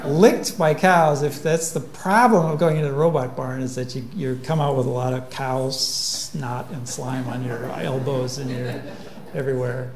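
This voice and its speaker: Man giving a relaxed, humorous lecture. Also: mid-range voice, normal speed. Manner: relaxed, humorous, many fillers. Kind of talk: public lecture. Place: lecture hall. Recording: echoey lecture room.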